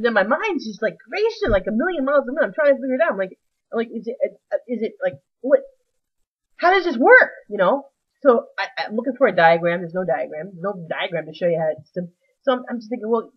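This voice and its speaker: A woman's voice: on the high side, breathy edge, dull audio. A woman telling a rambling, self-mocking comic story with many restarts.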